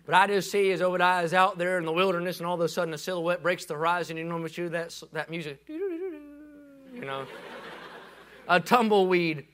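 Male preacher, folksy and animated, high bright voice that breaks into shouts. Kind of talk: sermon.

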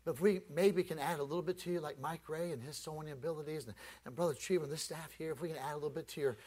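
A male preacher telling a story in a sermon, animated and acting out the scenes. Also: on the high side, very fast.

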